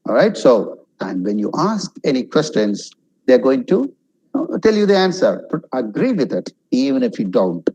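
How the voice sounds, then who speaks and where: A middle-aged man from India leads an online talk, his voice sitting a little higher than most men's. He keeps it conversational, with plenty of fillers and quick acted-out example lines. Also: darkish tone, low-quality recording. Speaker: webinar speaker on communication. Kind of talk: lecture on social skills.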